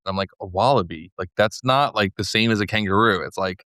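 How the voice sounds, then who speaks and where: A man in his forties talks casually as a guest, his voice low and smooth. He tells animated stories, dropping "like" into nearly every phrase. The sound is close and dry. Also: a little fast, dry recording. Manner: animated storyteller, heavy "like" fillers. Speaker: guest, filmmaker. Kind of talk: casual interview chat.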